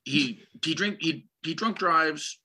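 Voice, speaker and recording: A man's voice: on the high side, slow pace, sharp tone, breathy edge. A man co-hosting a casual podcast about movie trailers, talking in a rambling, sardonic and opinionated way. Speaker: podcast co-host.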